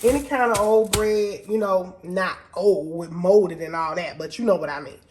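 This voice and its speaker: A woman's voice: lowish voice, moderate pace, a little mellow. A woman hosting a casual cooking tutorial in her home kitchen, stuffed up from a cold and chatting in a down-home, informal way. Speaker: cooking show host.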